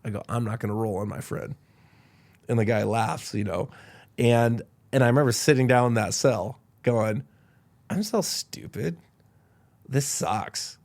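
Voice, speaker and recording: A man from Idaho telling stories on a podcast, his pitch sitting right in the middle for a man. He talks casually and keeps acting out what people said to him. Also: normal speed. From Idaho, USA. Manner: animated storyteller, acts out quotes. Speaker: podcast guest.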